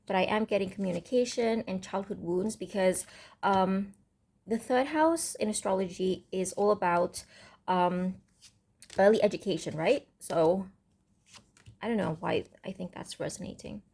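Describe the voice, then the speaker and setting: A woman giving a casual, rambling tarot reading to camera, thinking aloud with many pauses and ums. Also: mid-range voice, darkish tone. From Indonesia. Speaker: tarot reader. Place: home room with construction noise next door.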